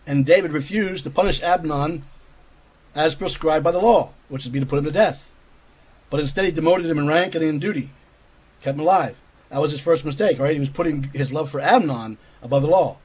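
A man's voice: a little high, a little fast, darkish tone, husky, poor audio. A man preaching a sermon, earnestly explaining a scripture story with rhetorical asides to his listeners.

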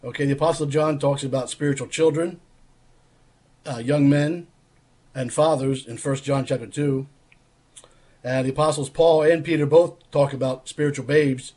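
A man's voice: mid-range voice, fairly even intonation, normal speed, long pauses, darkish tone, husky. A man hosting an online prayer room, preaching earnestly and quoting hymn lines. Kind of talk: casual sermon.

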